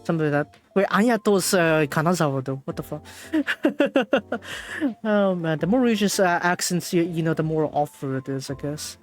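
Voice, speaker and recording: A woman streaming a game, reading the dialogue aloud and translating it, with halting speech full of fillers and restarts. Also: deep voice, faint music behind.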